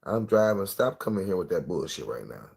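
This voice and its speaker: A middle-aged man telling a personal story in a casual, profane, animated way, acting out the quotes. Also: low voice, brisk, creaky, breathy edge.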